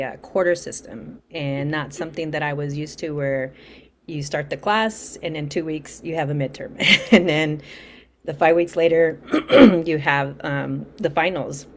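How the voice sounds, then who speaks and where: A middle-aged woman, an interview guest from Central California, speaking reflectively with frequent restarts and soft laughs. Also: sits low, a little hiss or hum. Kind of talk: interview conversation.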